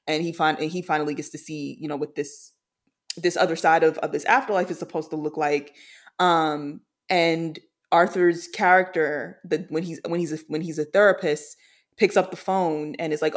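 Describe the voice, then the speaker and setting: Halting, emotional podcast co-host. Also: mid-range voice. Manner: halting, filler-heavy, emotional. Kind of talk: casual discussion of a TV series.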